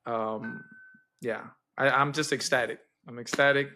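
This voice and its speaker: A man hosting a casual podcast, enthusiastic and quick to laugh. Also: mid-range voice, fairly even intonation, bright, forceful tone. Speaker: podcast host.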